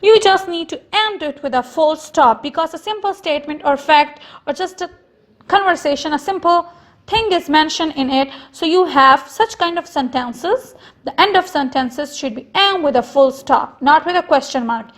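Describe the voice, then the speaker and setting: High-voiced woman teacher explaining slowly. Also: lively intonation. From Pakistan. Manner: slow, repetitive explaining with stressed example sentences. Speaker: school teacher. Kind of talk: recorded online lesson.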